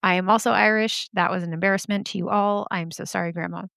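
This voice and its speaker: A woman hosting a spooky story podcast, chatty and animated, swearing and laughing at herself as she reads listener stories. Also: mid-range voice, fast, gravelly, no echo, studio quality. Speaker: podcast host.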